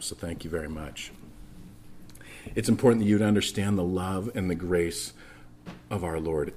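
A middle-aged man preaching a sermon as pastor, earnest and often dropping to a soft, intimate tone. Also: on the low side.

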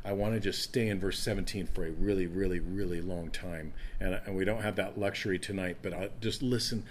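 A man's voice: sits low, fairly even intonation, a little fast, a little hiss or hum. A man teaching a Bible passage as a pastor in an evening sermon, earnest, with emphatic stresses and scripture read aloud.

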